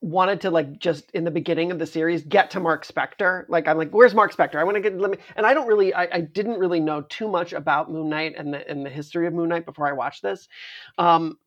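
Podcast co-host, medium pitch, rambling and playful, animated delivery. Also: brisk. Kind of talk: casual discussion of a TV series.

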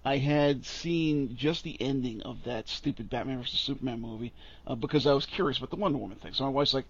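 On a podcast, a male co-host rants bluntly and sarcastically, swearing freely in casual, opinionated chat. His husky, mid-range voice moves at a quick pace, and the audio is dull and lo-fi.

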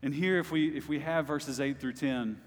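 A man's voice: on the high side, steady tone, normal speed. A male pastor preaching a sermon to his congregation, speaking directly to them and rising to impassioned bursts. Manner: talks directly to the congregation as "y'all". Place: church service. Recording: long hall reverb.

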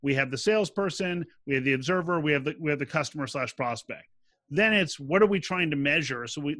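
Male sales expert in an interview, bright and slightly high, animated. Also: dry recording. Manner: animated, acts out quoted dialogue. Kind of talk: interview answers, explaining.

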